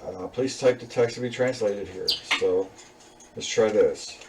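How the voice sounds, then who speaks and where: A man's voice: on the low side, measured pace, darkish tone, recorded from a distance, a little hiss or hum, rough recording. A man student casually walking through his class programming assignment, rambling with fillers and small chuckles. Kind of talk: casual screen-recorded code walkthrough.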